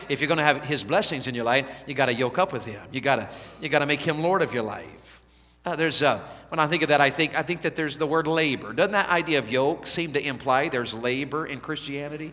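A man preaching a revival sermon in a church, folksy and conversational, swinging from soft asides to shouted appeals. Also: a little high, fairly quick. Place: church sanctuary. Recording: long hall reverb.

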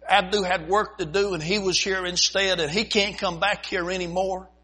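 A man's voice: high-pitched, takes it slowly, slightly rough, in a large hall, pitched above the performer's own voice, heavily acted. A preacher putting on a furious scolding village mother. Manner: shouting, scolding.

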